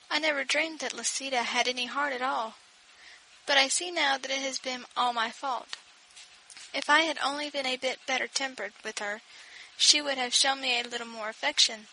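A woman voicing a dying eighteen-year-old girl who speaks faintly and calmly. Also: high voice, creaky, slight background noise, full character voice, poor audio.

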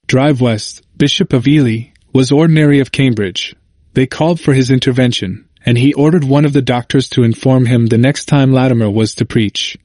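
A man narrating a history book as an audiobook, reading in a measured and even way. His voice sits at an ordinary pitch. The recording is dry and close, with no room sound. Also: dry recording.

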